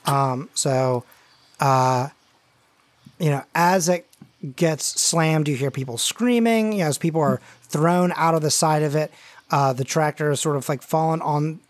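A man with a somewhat high voice runs a tabletop game as game master. He narrates in a loose, rambling way, padding his scenes with fillers. His voice sounds dry and close, with no room echo. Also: unhurried. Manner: rambling, heavy with fillers like "like" and "you know".

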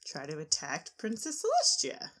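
Casual woman co-host, low-ish voice, chatty recap. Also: huge pitch swings, moderate pace, a bit bright. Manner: chatty, acts out quotes, many fillers. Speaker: podcast co-host. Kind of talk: casual episode recap chat.

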